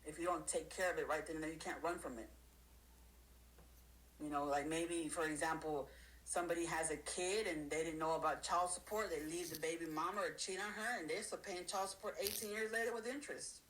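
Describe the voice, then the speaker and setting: Low-voiced woman giving folksy advice. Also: steady tone, brisk, fairly bright tone, poor audio. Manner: folksy, streetwise, acts out people. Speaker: guest speaker. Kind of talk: motivational talk on a live stream.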